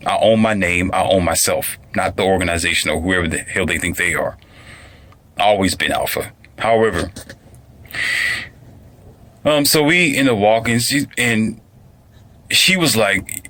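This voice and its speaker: A man's voice: low voice, measured pace, pauses often, bright, forceful tone. A man giving a blunt, preachy motivational monologue, repeating himself and using street slang. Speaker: motivational speaker.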